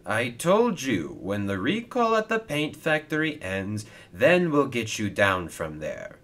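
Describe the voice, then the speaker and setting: A man doing a calm, reassuring steam engine. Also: mid-range voice, unhurried.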